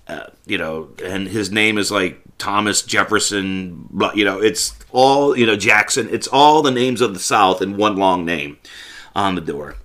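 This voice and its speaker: Bright-voiced man recapping a movie. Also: fairly low pitch. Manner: rambling, self-interrupting, wry and critical. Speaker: podcast host. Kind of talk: casual movie recap and review.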